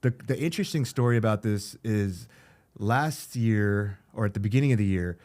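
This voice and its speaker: Laid-back, low-voiced podcast host. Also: male voice, normal speed, a little mellow. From former Navy SEAL. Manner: laid-back, laughs along, short prompts. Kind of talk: casual chat.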